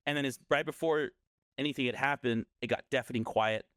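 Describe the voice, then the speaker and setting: A man's voice: medium pitch, a little fast, fairly bright tone, dry recording, studio quality. A man casually telling a scary story on a podcast, rambling and often correcting himself.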